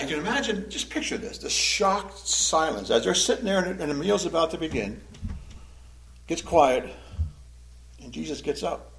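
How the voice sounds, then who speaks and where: A man teaching a Sunday school sermon, animated, acting out the quoted voices in the story. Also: a little high.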